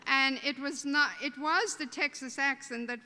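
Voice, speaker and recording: High bright Irish woman in a hall. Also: normal speed. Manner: warm, joking, folksy. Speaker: host welcoming a convention. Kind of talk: humorous welcome speech. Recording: reverberant convention hall.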